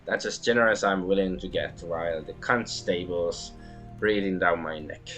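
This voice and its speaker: Man reading a very deep, gruff Canadian smuggler for a video game, mercenary, says "eh" a lot. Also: fairly bright tone, soft background music, rough recording. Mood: blunt demanding. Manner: ends lines with a drawn-out "eh".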